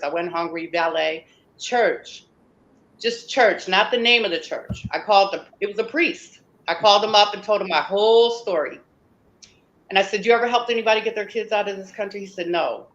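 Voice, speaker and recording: Woman guest telling her story hard and emphatic, bright sharp voice, kinda muffled lo-fi sound. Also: fairly low pitch. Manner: emphatic, acts out quoted dialogue. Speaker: interview guest. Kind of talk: personal storytelling in an interview.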